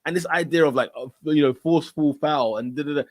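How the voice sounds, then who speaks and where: Excitable man on a football podcast. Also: on the high side, quick pace, dry recording, studio quality. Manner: excitable, emphatic, says "bro" a lot. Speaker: podcast co-host. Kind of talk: casual football banter.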